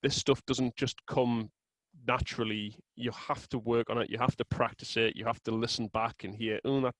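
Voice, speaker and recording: Male guest, steady explainer, mid pitch, dry close sound. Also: no room sound, poor audio. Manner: measured, explanatory, with fillers and restarts. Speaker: guest, sales software co-founder. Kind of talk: casual interview chat.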